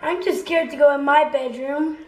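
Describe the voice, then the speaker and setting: A woman hosting a family channel, reading fan mail aloud at home in a playful, animated way. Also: high-pitched, normal speed. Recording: roomy home echo.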